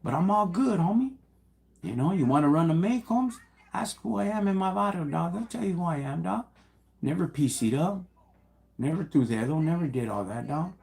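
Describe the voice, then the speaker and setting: Chicano man giving livestream shout-outs. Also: on the high side, expressive, moderate pace, creaky. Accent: Chicano English. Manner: slangy street talk, constant "homie" and "dog"; mixes Spanish words and phrases into English. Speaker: livestream host.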